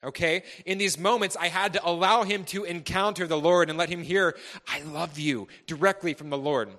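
A bright, ringing male voice, pitched a little higher than most, preaches to a congregation. He tells his testimony earnestly and with passion, rising to fervent peaks and then dropping to a hush. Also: fairly even intonation, moderate pace. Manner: earnest and impassioned, swinging between loud and hushed.

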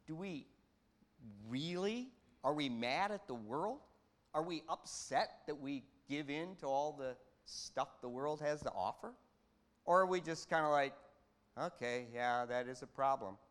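A man preaching a sermon in a conversational way, quoting scripture and swinging his pitch and volume. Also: lively intonation, measured pace. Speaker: pastor.

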